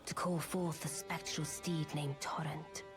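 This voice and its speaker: A mysterious witch speaks in a soft, low whisper, every phrase formal and old-fashioned. The video game dialogue sits over faint background music. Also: level tone, a little slow. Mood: hushed. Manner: hushed whisper, archaic formal speech.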